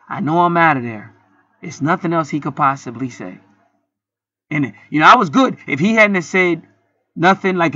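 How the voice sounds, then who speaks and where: A man's voice: fairly high pitch, pushed and bright, no room sound, lo-fi sound. A man telling a story in a casual, heated monologue, swearing often and rambling with many restarts. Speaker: channel host.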